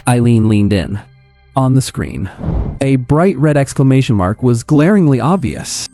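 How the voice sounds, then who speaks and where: Mellow male recap narrator. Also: mid-range voice, lively intonation, moderate pace, dry recording. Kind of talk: scripted story recap narration. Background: faint music.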